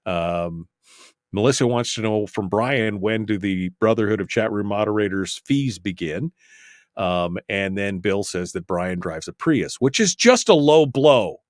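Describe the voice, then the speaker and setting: A man's voice: fairly low pitch, animated, unhurried, dry recording, clean studio sound. A man hosting a talk show, chatting casually, laughing often and reading out chat messages with exasperated asides.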